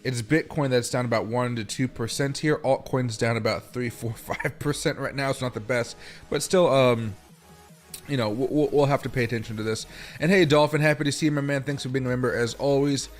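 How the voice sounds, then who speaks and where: A man's voice: medium pitch, brisk. Man, livestream host, casual chatty talk, faint background music. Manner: chatty, greets viewers by name, talks to his dog.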